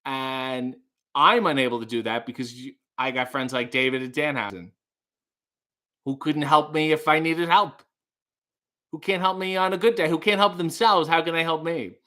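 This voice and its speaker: A man's voice: a little high, steady tone, normal speed, sharp tone. A man hosting a casual live stream, reading viewer comments aloud and joking with chat. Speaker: livestream host.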